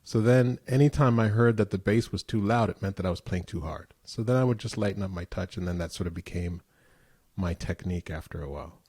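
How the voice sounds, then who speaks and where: Low-voiced man telling stories. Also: fairly quick, husky, no room sound, clean studio sound. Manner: relaxed anecdotal storyteller, easy laughter. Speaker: guest musician. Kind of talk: casual interview chat.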